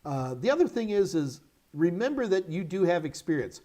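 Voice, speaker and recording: A middle-aged American man hosts a live question-and-answer stream and hands out job-hunting advice. He is energetic and emphatic, and he hammers home short, repeated commands. His voice sits fairly high for a man and carries a slightly tired, yawny edge. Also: normal speed. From United States. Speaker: host answering viewer questions.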